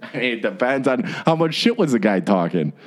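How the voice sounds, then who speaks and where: Young man, average pitch, laid-back co-host who cracks quick jokes. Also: sing-song. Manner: joking, chimes in with quips. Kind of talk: casual chat.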